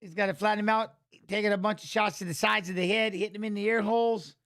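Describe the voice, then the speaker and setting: A man's voice: high voice, steady tone, quick pace, a bit bright. A man giving casual, rambling commentary on a live fight watch-along, chatting with viewers as he watches. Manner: rambling, talks to chat viewers, emotional.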